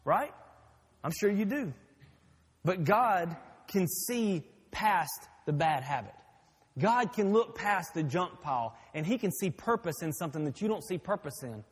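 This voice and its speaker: High-voiced pastor in a reverberant hall. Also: male voice, lively intonation, measured pace, husky. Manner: folksy storytelling. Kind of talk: sermon.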